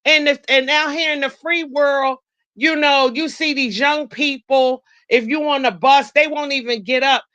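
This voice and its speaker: High, bright indignant woman. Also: steady tone, unhurried, dry recording, highs cut off. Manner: indignant, preachy storytelling. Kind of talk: casual live-stream chat.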